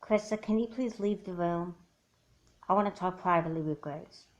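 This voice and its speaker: A woman's voice: on the low side, moderate pace, lo-fi sound, natural voice. A woman voicing a protective older sister in a doll movie, firm and scolding.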